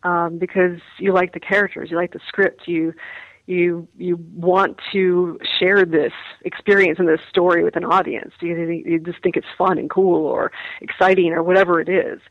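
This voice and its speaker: A woman's voice: lowish voice, level tone, normal speed, no room sound, phone-quality sound. A woman, an actress, chatting in an interview, laughing often and restarting her words. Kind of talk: casual interview chat.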